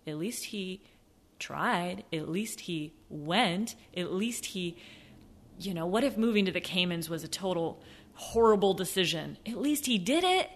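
A woman hosting a motivational sales podcast, animated, acting out excuses in a high mocking voice and sometimes dropping to a soft near-whisper. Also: normal speed. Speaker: podcast host, sales coach. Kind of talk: motivational solo podcast talk.

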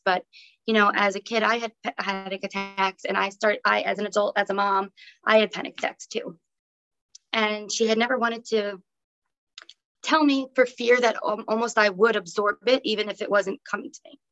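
A young woman talks through a personal story as a podcast guest, chatty and loose, with lots of "um" and "like". Her voice has a gravelly edge of vocal fry. The audio is dull and somewhat lo-fi. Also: medium pitch, fairly bright tone. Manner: chatty, many fillers like "um" and "like". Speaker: podcast guest, breathwork teacher. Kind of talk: casual conversational storytelling.

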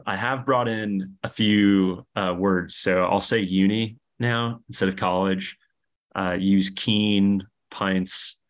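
A young man with a New York accent, chatting as a podcast guest with lots of fillers and restarts. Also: a bit bright. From New York, USA. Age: young adult. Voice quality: deep. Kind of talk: casual interview chat.

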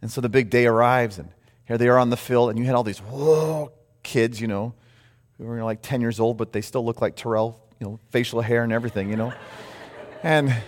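A man preaching a sermon, telling a story with lively acted-out quotes. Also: medium pitch, long reverb tail. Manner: animated storytelling, acts out quotes. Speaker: pastor.

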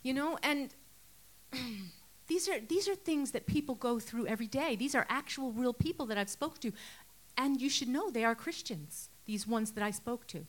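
A woman's voice: a little high, animated, moderate pace. Earnest woman preaching a sermon. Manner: earnest, conversational, with rhetorical questions.

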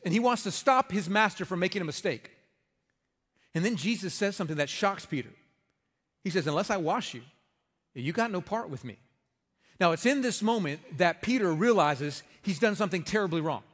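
A man's voice: high voice, big-room sound. A man preaching a sermon in a conversational, emphatic way, with folksy humor. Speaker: pastor.

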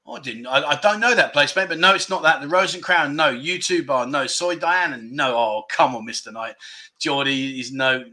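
A man's voice: medium pitch, moderate pace, pushed and bright. A man hosting a casual livestream, reading out viewer guesses and teasing the chat in a jokey way. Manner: jokey, banters with chat, lots of mate and no. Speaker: livestream host.

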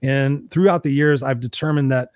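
A middle-aged man hosting a show, telling stories in casual chat, animated and swearing freely as he acts out quotes. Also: mid-range voice, normal speed, no echo, clean studio sound. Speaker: podcast host.

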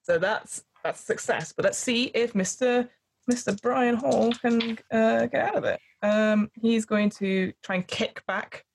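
A woman running a tabletop horror game as game master, narrating scenes dramatically and quickly. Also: on the high side, vocal fry.

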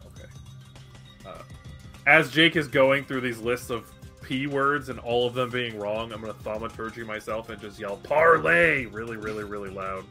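A man's voice: medium pitch, fairly even intonation, normal speed, bright, forceful tone, soft background music. A man playing a tabletop game, thinking aloud and hesitant. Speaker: player.

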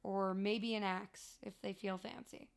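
A woman co-hosting a podcast in casual chat, animated and expressive, swearing freely and laughing often. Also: medium pitch, measured pace, creaky, a little hiss or hum. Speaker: podcast co-host.

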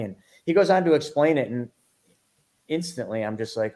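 A middle-aged man, a podcast guest, telling his story of becoming a financial educator in a lively, animated way. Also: medium pitch, fast. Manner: lively, acts out his own past reactions.

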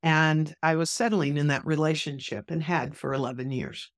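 In a fairly low voice at normal speed, an earnest woman minister relives a personal story for a podcast interview. Her retelling is animated and vivid, with the quoted dialogue acted out. The sound is dry and close, free of any room sound.

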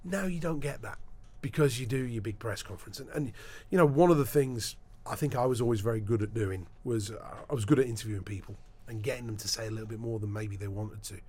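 A man being interviewed as a sports broadcaster, telling animated anecdotes in a casual chat, often restarting his sentences. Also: mid-range voice, fast talker, few pauses, husky.

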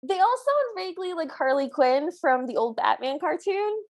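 A woman's voice: very high-pitched, sing-song, normal speed. A woman co-hosting a podcast, describing an old cartoon in a playful, enthusiastic way. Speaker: podcast co-host. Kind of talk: casual review chat.

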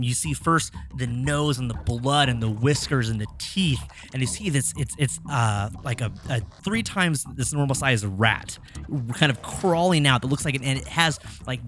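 Male game master, bright clear tone, casual and swear-prone narration, light background hiss. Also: mid-range voice, normal speed. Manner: casual, laughing, swears freely.

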